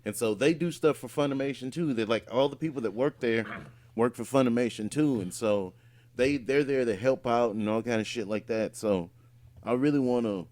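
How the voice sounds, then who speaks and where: A man's voice: mid-range voice, moderate pace, a little mellow. A man, a voice actor and podcast co-host, chatting casually and telling a rambling story with lots of fillers and restarts. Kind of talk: casual chat.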